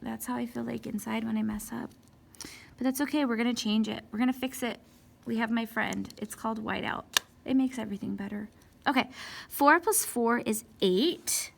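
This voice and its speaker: With a faint hiss or hum behind her, a woman explains a math lesson step by step in a creaky, fairly high voice at normal speed. Frustration brings sighs and whispers, and she scolds herself over errors while talking to the equations.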